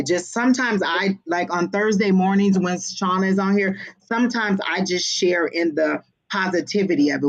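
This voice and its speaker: A woman's voice: on the low side, poor audio. A woman giving a tarot and psychic reading on a livestream, speaking in an earnest, reassuring way. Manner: earnest, reassuring, repetitive affirmations.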